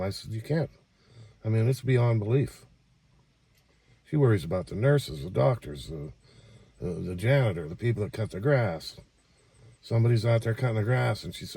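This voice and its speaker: Man vlogger, warm and gravelly, rambling and exasperated, mic a little distant. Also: fairly low pitch. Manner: rambling, repeats himself, exasperated. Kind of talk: casual vlog talk. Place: small room in a care home.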